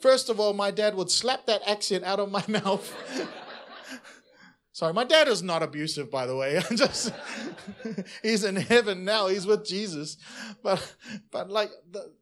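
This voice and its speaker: Male pastor, sermon, animated, swings from loud to soft, slightly high-pitched. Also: a little slow, long pauses. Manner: animated, swings from loud to quiet, chatty asides.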